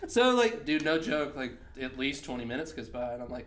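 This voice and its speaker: A man's voice: mid-range voice, big pitch swings, brisk, few pauses, a bit bright, echoey room. A man co-hosting a podcast, telling a profane road story in casual chat and laughing often. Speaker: podcast co-host.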